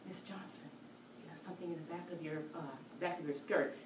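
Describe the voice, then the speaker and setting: Woman voicing a discreet male teacher, hushed and faltering, roomy sound, distant mic. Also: fairly even intonation, fast, background noise, natural voice. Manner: quiet and low, hesitant. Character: hushed male college instructor.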